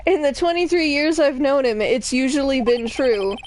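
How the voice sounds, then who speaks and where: A woman's voice: high-pitched, expressive, normal speed, a little mellow, slight background noise. A woman reading as an earnest young lawyer. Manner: plain, earnest read-aloud narration. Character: earnest nervous young male defense lawyer.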